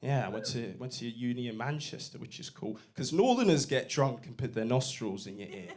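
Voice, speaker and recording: A man's voice: medium pitch, sing-song, brisk, few pauses. A young man from Bristol doing a brash, sweary stand-up set in a comedy club, baiting the crowd on a handheld mic. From Bristol, England. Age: young adult.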